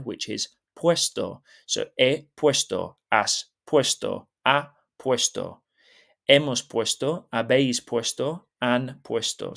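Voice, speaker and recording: A male language teacher walks through verb forms with a patient, clear manner, pausing to check in with the listener. His pitch sits in an ordinary middle range, and he moves between plain explanation and carefully pronounced practice words. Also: a bit bright. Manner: switches between English and carefully pronounced Spanish. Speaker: Spanish teacher. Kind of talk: online language lesson.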